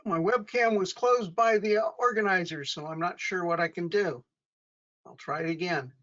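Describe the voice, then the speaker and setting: A man, a corporate archivist, introducing himself in halting, hesitant speech in an online meeting. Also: mid-range voice, fairly bright tone. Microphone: video call. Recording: dull lo-fi webinar audio.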